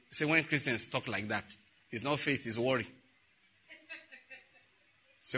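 A man's voice: medium pitch, measured pace, long pauses, bright, forceful tone, husky. A man preaching a sermon, telling stories and acting out the dialogue. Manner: storytelling, acting out dialogue, frequent laughter.

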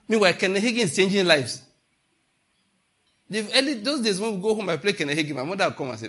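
A man's voice: high-pitched, fast, husky. A male preacher delivering a sermon, telling stories and acting out quotes with laughter. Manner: animated, storytelling with laughter and acted-out quotes.

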